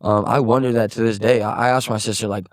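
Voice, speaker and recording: A man's voice: lowish voice, fairly even intonation, fast talker, darkish tone, no room sound, studio quality. A young man from Missouri, a songwriter and musician, talking as a podcast guest in a loose, rambling way, leaning on "like" and "bro" and swearing often, subdued as he recounts a hard loss. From Missouri, USA. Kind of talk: casual conversation.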